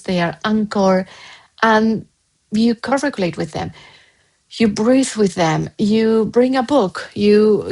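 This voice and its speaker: A woman's voice: on the high side, a little mellow, poor audio. A woman parent coach giving earnest, emphatic advice straight to the viewer, often repeating her key points. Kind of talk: direct advice to camera.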